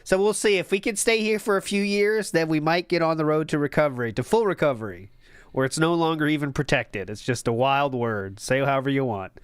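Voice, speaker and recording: A man giving sarcastic, deadpan commentary while reacting to a clip on a stream. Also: fairly high pitch, a little fast, clear, resonant tone, no room sound. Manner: sarcastic, deadpan asides, laughs often.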